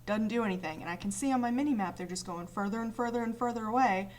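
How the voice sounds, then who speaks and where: A woman's voice: a little high, fast, a little hiss or hum. A young woman ranting casually about an online game, exasperated and swearing freely as she retells what others said. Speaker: vlogger.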